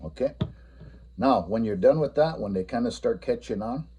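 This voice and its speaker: A man giving a spoken language lesson for teachers, explaining a classroom game and repeating each phrase slowly and patiently. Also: mid-range voice, animated, warm tone, breathy edge.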